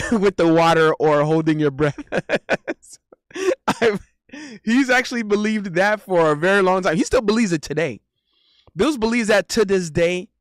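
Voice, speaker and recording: On a live stream, a man chats casually, reading messages and joking along the way in a loose manner, laughing often and repeating himself. His voice is a bit high, smooth and crisp. The sound is dry and close to the mic, with no echo.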